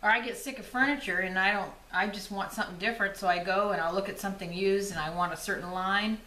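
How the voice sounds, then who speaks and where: A woman's voice: mid-range voice, fairly even intonation, quick pace, pushed and bright. A woman co-hosting a jewelry channel, chiming in agreeably in casual chat. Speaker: co-host. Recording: echoey room.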